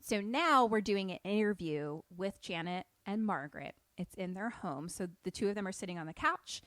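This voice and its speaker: A woman co-hosts a podcast, retelling a horror film in loose, profane chat. Her voice sits in an ordinary middle pitch, recorded dry and close. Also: normal speed, no room sound. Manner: animated, profane, acts out characters. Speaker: podcast co-host.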